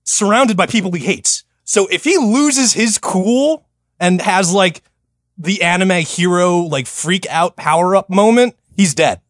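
A somewhat high-voiced man telling a history story to friends on a comedy podcast. He is animated, swears freely and jumps into little voices for the people in the story. The recording is close and dry, with no room sound. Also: a little slow, no echo. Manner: animated, swears freely, acts out quoted figures.

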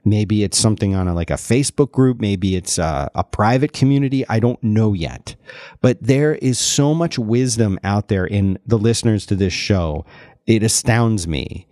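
A man hosting a podcast, chatting casually in an animated way and often restarting his sentences. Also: on the low side, moderate pace, no room sound, studio quality. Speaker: podcast host.

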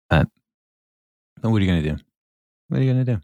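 Low-ish guy rambling thru a recap, chuckles a lot, dry close sound. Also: expressive, racing, pauses often, no echo. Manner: rambling retelling, chuckling often. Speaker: podcast co-host. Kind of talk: casual chat.

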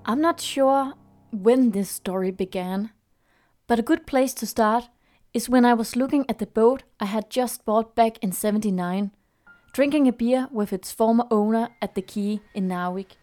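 A woman playing a student podcaster who chats hesitantly and then reads a ghost story aloud in a steady voice. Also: a little high, moderate pace, faint music behind, lightly acted. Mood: storytelling.

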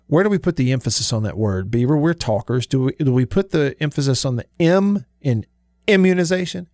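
A man hosting a sports radio show, chatting in a folksy, easygoing way with drawn-out emphasis. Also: medium pitch, a little mellow, no echo, clean studio sound. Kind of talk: casual sports talk radio. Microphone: studio microphone.

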